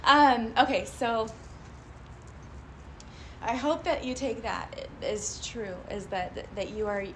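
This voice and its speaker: Woman motivational speaker, higher-pitched, chatty and animated, quick to laugh and to poll the room. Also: slight background noise. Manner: animated and chatty, often breaks into laughter, asks the audience questions. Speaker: motivational speaker addressing a group. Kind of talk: live motivational talk.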